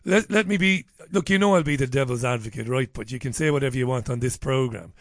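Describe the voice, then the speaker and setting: A man's voice: medium pitch, fast, dry recording. A man hosting a radio show from a studio, chatty and jokey as he interviews a guest. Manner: chatty, jokey, lively banter. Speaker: radio host.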